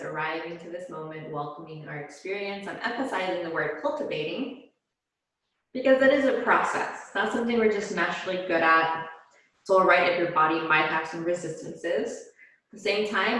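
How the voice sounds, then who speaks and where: Woman yoga instructor, low-pitched, calm guided cues, very reverberant room. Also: a little hiss or hum. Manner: slow, calm, soothing cues with pauses. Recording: very echoey room.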